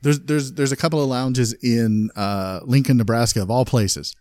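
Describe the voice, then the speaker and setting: Male guest, relaxed storyteller, asks questions, dry mic. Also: medium pitch, moderate pace, dry recording. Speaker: podcast guest. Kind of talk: casual chat.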